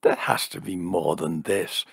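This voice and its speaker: A man's voice: deep voice, animated, a little slow, creaky, husky, no room sound, clean studio sound, full character voice. A man doing a scoffing, sarcastic skeptic. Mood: mocking. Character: scoffing, mocking middle-aged man, a skeptic. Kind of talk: audiobook character voice.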